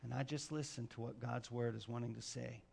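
A man preaching a sermon, telling stories with dramatic swings from hushed to loud. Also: mid-range voice, steady tone, a little fast, gravelly, slight background noise. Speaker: pastor.

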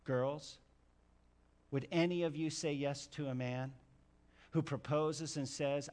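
A man preaching a sermon, telling stories with dramatic swings from hushed to loud. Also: on the high side, fairly even intonation, takes it slowly, long pauses. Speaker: pastor.

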